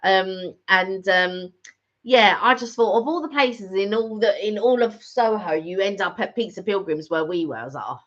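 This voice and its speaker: This vlog co-host, a middle-aged woman, chats casually in a mid-range, slightly bright voice at a moderate pace. She rambles, using many fillers and restarts. The lo-fi audio is slightly dull.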